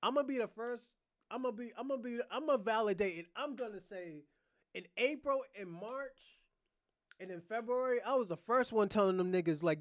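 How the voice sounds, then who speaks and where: A man's voice: sits high, normal speed, no room sound, studio quality. A man hosting a reaction livestream, ranting in a blunt, profane, rambling way. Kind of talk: casual livestream commentary.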